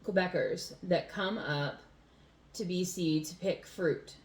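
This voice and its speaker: American woman rambling through a story at home, slow and low-ish, lots of likes, echoey room. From USA. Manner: rambling storyteller, many fillers, laughs easily. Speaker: podcast co-host. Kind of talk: casual chat. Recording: roomy home recording.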